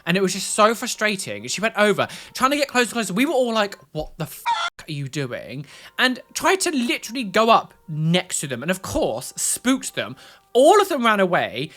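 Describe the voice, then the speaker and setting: A woman's voice: mid-range voice, sing-song, a little fast, fairly bright tone. A young woman giving rambling, chatty reaction commentary on video clips.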